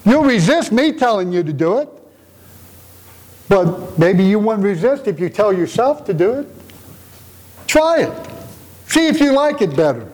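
Guy preaching, kinda high voice, earnest and emotional, keeps asking the crowd questions. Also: sing-song, unhurried, pauses often, a little mellow, rough recording. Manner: earnest, repeats rhetorical questions; emotional, tender-hearted delivery. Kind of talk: conversational sermon.

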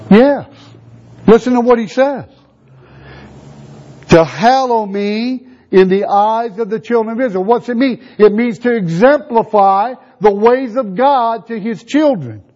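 A preacher with a notably high voice delivers a sermon, firing rhetorical questions at his listeners. He slows right down to lean on scripture verses word by word. The recording is muffled and lo-fi. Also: darkish tone. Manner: rhetorical questions, drawn-out emphatic scripture reading. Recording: dull lo-fi recording.

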